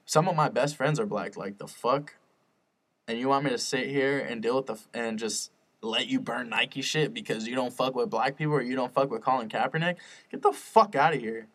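A man's voice: mid-range voice, moderate pace, a bit bright. A young man hosting his own podcast, rambling and swearing often, earnest and fired up about spreading positivity. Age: young adult. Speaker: podcast host. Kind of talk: casual solo podcast rant.

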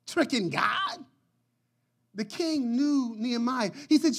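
A pastor preaching a sermon with passion, swinging from quiet lines to shouts and breaking into laughter and jokes. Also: male voice, very high voice, very animated, takes it slowly, creaky.

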